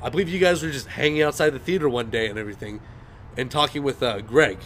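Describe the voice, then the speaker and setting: A young man hosting a podcast and telling a story in loose, rambling chat. His voice sits at an ordinary middle pitch with a faint hiss underneath. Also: fast talker, fairly bright tone. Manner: rambling storyteller, leans on "and everything". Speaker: podcast host. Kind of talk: casual chat.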